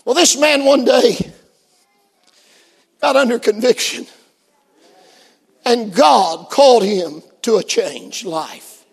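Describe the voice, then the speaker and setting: A man preaching a sermon, who shouts and then drops very low to tell a story. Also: animated, slow, creaky, pauses often, husky. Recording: echoey hall.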